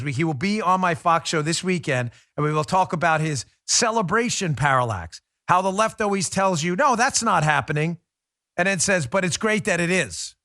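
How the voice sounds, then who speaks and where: Guy hosting a talk show, bright forceful voice, pitched a bit high, punchy radio style. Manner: brisk, emphatic talk-radio delivery. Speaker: host.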